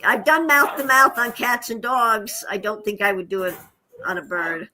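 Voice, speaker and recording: With an expressive, slightly high voice and a moderate pace, a woman tells casual stories against a noisy background. She's being interviewed about her life as a hospice nurse and animal rescuer, laughing often and talking to her pet parrot.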